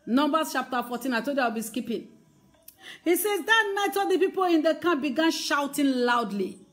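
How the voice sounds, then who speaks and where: Lady preacher, high pitched, keeps hammering the same question over and over. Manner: emphatic, repetitive rhetorical questions. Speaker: evangelist. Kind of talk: sermon.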